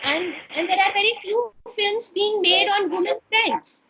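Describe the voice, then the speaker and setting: An Indian woman in her thirties, a stem cell researcher, talking earnestly in an interview with many pauses and fillers. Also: very high voice, sharp tone, low-quality recording. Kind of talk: casual interview talk.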